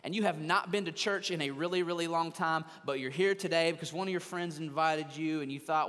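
High-voiced male pastor in a reverberant sanctuary. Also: brisk, few pauses, fairly bright tone. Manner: conversational, mimics people in quoted asides. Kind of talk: sermon. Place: church sanctuary, also streamed online.

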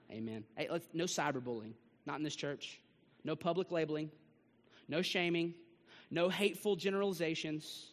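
A man preaching a sermon to his church, swinging between rising bursts and hushed drops. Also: on the high side, big-room sound. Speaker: pastor. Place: church sanctuary.

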